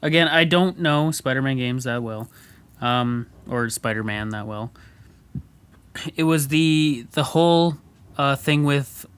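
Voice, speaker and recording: A young man with a Canadian accent, chiming in on a podcast with teasing, halting remarks. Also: mid-range voice, fairly bright tone, smooth. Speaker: podcast co-host. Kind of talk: casual chat.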